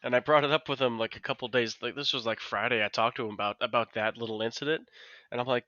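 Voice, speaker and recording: Podcast co-host, male, bright edge, dry close mic with a slightly dull sound; animated, candid storyteller. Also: medium pitch, fast talker, dry recording. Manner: animated storytelling, swearing freely. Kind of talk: casual chat.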